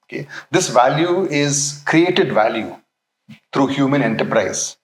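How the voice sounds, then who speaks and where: A man delivering a faith talk in a roomy, echoing space. He speaks haltingly, restarts his phrases and often pauses to check in with his listeners. His pitch sits in an ordinary middle range. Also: animated. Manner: halting, many fillers and restarts, checks in with "okay". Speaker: Christian speaker.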